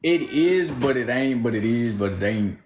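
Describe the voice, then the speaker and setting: A man with a deep voice and a New York accent mixed with Southern, chatting casually and loosely on a live stream, slangy and rambling. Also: lively intonation, moderate pace, noisy background. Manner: laid-back, slangy, rambling. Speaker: livestream co-host.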